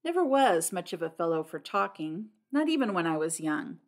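A rough, taciturn middle-aged hunter in an audiobook, read by a woman, clipped and plain-spoken. His short phrases come out blunt and awkward, with little to say. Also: fairly low pitch, very animated, moderate pace. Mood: gruff, awkward. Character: gruff, awkward middle-aged male hunter, few words.

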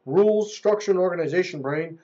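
Coaching on relationships, a man talks casually to camera at a brisk pace in a fairly high, husky voice. He stays animated and keeps slipping into impressions of people, all captured on dull, lo-fi audio.

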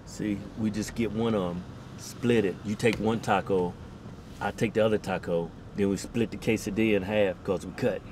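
A laid-back man drawls through easy, joking banter from the seat of a car, tossing "man" into nearly every line. Faint road hum runs under his ordinary mid-pitched voice. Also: fairly even intonation, normal speed. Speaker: co-host. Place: inside a car at a drive-thru. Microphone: camera mounted in the car.

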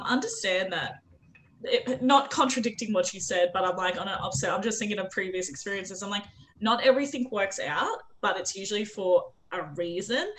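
A woman's voice: mid-range voice, a bit bright, a little hiss or hum, rough recording. A woman hosting a casual interview, earnest and encouraging as she asks questions. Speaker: interview host.

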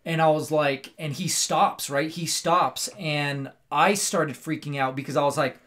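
A man with a somewhat high voice talks through a film plot on a casual podcast. He rambles in an animated way and keeps asking "right?" as he goes. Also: a little slow, hardly any pauses. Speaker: podcast co-host.

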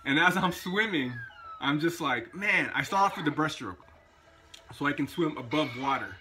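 A man's voice: on the high side, expressive, normal speed, pushed and bright, faint music behind. A man vlogging, telling a personal anecdote in a chatty, casual way. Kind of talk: casual storytelling vlog.

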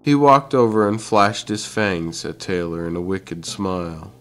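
A man narrating an audiobook chapter with steady, unhurried reading. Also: low-pitched. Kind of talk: scripted narration.

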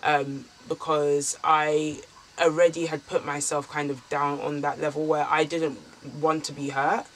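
A woman's voice: low-pitched, flat delivery, a little slow, slight background noise. A young woman casually telling a personal story for her vlog, candid and chatty with lots of filler words. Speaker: vlogger.

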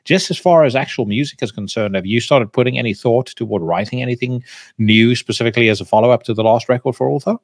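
A man's voice: medium pitch, quick pace, no echo. Man hosting, dry close sound. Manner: casual, swears freely, stumbles on repeats. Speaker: podcast host. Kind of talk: casual interview chat.

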